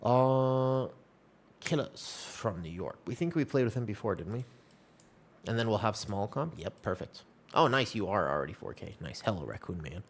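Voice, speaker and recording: During a game stream, the young man keeps up a casual, rambling chat with viewers, upbeat and reassuring throughout. He speaks at normal speed in a fairly low, animated voice.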